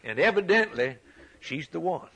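A man preaches with a bright, forceful edge to his voice that sits a touch higher than most men. He repeats his points for emphasis, swelling loud when he reads scripture and falling to a hush on key lines. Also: animated, normal speed, vocal fry, breathy edge. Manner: emphatic, repeats phrases, swings from loud to quiet; reads scripture aloud in a raised voice. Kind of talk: sermon.

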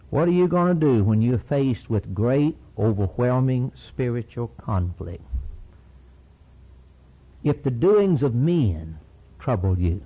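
A man's voice: mid-range voice, slightly rough, dull audio. A man preaching a sermon with impassioned delivery, reading scripture aloud and voicing a prophet's prayer.

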